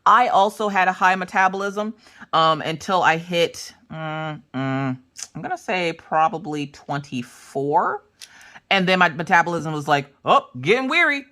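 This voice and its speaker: A woman's voice: sits low, unhurried. A woman hosting a craft vlog from her home craft room, telling family stories in a casual chat with lots of acted-out voices. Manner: animated, acts out family members' voices. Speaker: craft channel host.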